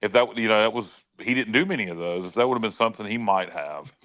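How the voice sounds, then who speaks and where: A man's voice: lowish voice, animated, fast talker, fairly bright tone, dry recording. A man hosting a casual sports talk show, rambling with stammering restarts.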